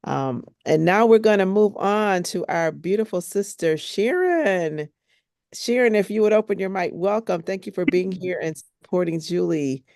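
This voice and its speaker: A woman's voice: on the low side, lively intonation, moderate pace, darkish tone, no echo, studio quality. A woman moderating a webinar, introducing each speaker with effusive, affectionate praise.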